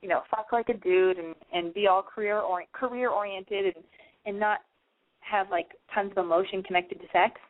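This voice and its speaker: A woman's voice: mid-range voice, steady tone, moderate pace. A woman hosting a casual call-in advice radio show, chatty and frank, swearing freely. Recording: dry, phone-like narrow band.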